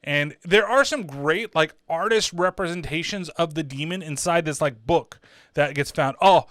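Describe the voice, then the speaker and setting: Casual male film reviewer, rambling and foul-mouthed, a slightly high voice, smooth and crisp, dry close sound. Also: normal speed, fairly bright tone, no room sound. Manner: rambling, profane, full of fillers like "like" and "uh". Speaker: horror movie reviewer, channel host.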